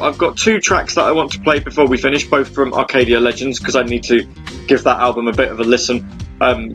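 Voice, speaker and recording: A man's voice: medium pitch, fairly bright tone. Chatty man hosting a radio show. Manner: rambling, chatty, lots of fillers. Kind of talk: casual radio show chat. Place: home.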